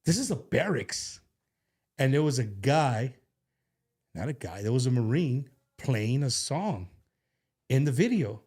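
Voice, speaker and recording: A man hosts a casual show from a studio, with a voice sitting in an ordinary middle register. He rambles warmly and sincerely, circling back with fillers and false starts. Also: medium pitch, animated, unhurried, pauses often. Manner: rambling, heartfelt, with many restarts and fillers. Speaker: show host. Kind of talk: casual talk-show chat.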